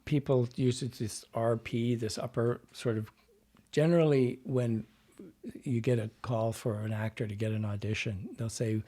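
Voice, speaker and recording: A man's voice: medium pitch, steady tone, moderate pace, dark tone. A man, a dialect coach and actor, explaining at length in a casual podcast interview and drifting off into side topics. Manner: explains at length, wandering and digressive.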